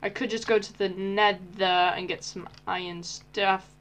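A teenage girl giving casual, excitable commentary on her Minecraft gameplay, often squealing and shouting with delight. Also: medium pitch, unhurried, a little hiss or hum. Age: teens. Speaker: Minecraft YouTuber.

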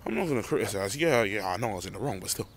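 A man's voice: lowish voice, lively intonation, racing, slight background noise. A young man, rambling and ranting animatedly to a handheld phone while walking home outdoors at night. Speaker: vlogger. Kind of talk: late-night rant to camera. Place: outdoors at night, walking through a car park.

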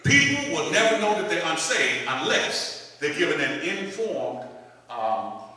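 A man's voice: on the high side, very animated, measured pace, pushed and bright. Preaching man in an echoey church. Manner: folksy preaching with call-and-response. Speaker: minister. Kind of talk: sermon. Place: church sanctuary. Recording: echoey church hall from far off.

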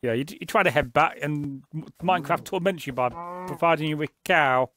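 A man's voice: a little high, fairly quick, a bit bright. A man giving chatty, joking running commentary as the host of a gaming channel. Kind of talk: casual gameplay commentary.

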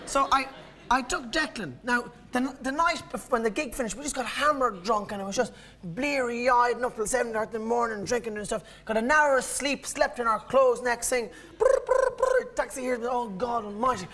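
This stand-up comic is an Irishman in his thirties, speaking at normal speed in a very high-pitched, bright, and forceful voice. Performing live in a comedy venue, he wanders through his stories and cuts himself off along the way.

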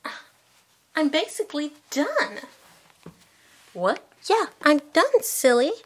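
High-pitched woman doing cheerful doll play, slow, kinda bossy. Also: very animated. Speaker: toy channel host voicing the lead doll.

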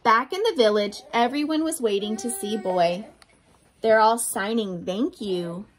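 A woman reading a children's picture book aloud as a teacher, slow and expressive, pausing to ask her listeners questions. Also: a little high, slight background noise.

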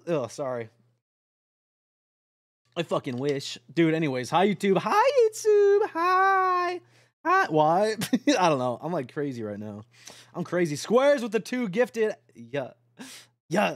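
A young man talks to his stream late at night, his voice sitting high for a man. He rambles, swears freely and gets excitable. The sound is dry and close, with no room around it. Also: dry recording.

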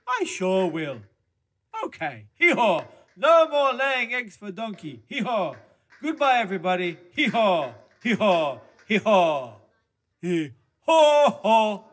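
A man's voice: high voice, a bit bright, heavily acted. Man doing a braying donkey puppet. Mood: cheerful. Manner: punctuates speech with hee-haw brays. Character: glum male donkey puppet, earnest, brays. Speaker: kids' time puppet character.

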